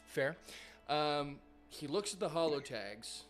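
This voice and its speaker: A man narrating a live tabletop game as game master, in a casual, rambling way full of fillers and the odd swear. His voice sits a little higher than most men's, with faint music underneath. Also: expressive, takes it slowly, fairly bright tone.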